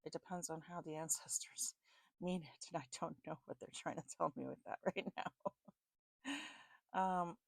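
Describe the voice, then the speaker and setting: A woman's voice: lowish voice, no echo. A North American woman doing a casual tarot and spirit box reading, musing aloud and often checking in with "okay?". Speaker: tarot reader.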